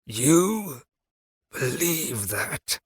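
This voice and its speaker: A man voicing a broken, spiteful prisoner with a slurred, hollow corpse voice, speaking slowly. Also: on the high side, sing-song, breathy edge, no echo, studio quality, pitched above the performer's own voice, exaggerated voice. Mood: slurring.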